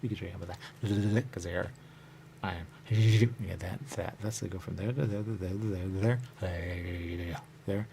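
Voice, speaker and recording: A man's voice: deep voice, steady tone, normal speed, gravelly, warm tone, a little hiss or hum. A man hosting a radio show, talking in a rambling, repetitive solo monologue and saying the same catchphrase again and again. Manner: repetitive, drifting, says "there you go" often.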